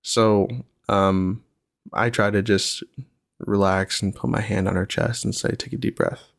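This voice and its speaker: Gravelly-voiced man musing on a podcast. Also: fairly low pitch, little pitch movement, unhurried, no room sound, clean studio sound. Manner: reflective, rambling with many fillers. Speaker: podcast host. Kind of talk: casual solo podcast chat.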